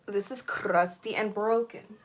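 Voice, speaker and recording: A young woman chatting on a casual livestream while sorting jewelry, bubbly and playful, her voice a little hoarse. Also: medium pitch, fairly even intonation, a little slow, a little hiss or hum. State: slightly hoarse.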